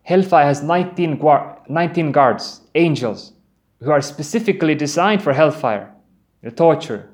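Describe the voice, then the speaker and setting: A man's voice: a little high, expressive, moderate pace. A man giving an earnest Islamic sermon, telling vivid stories and reciting Quran verses in Arabic. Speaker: preacher.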